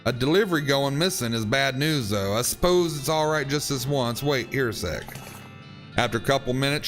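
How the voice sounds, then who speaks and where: A male streamer reading game text aloud, with a very lively, swooping pitch and wry comments in between. Soft game music plays underneath. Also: moderate pace.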